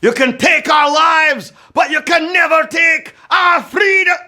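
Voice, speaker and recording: A man voicing a Scottish warrior chief who rallies his men with a shouted battle cry. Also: very high voice, steady tone, unhurried, pitched above the performer's own voice, heavily acted. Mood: defiant.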